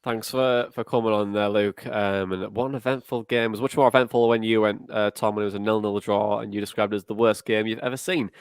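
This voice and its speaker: A man hosts a football podcast with an upbeat, joking manner. His voice sounds smooth and clean, recorded close in a dry space with no room echo. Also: on the low side, steady tone, fairly quick, hardly any pauses. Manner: upbeat, jokey. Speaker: podcast host. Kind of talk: casual football chat.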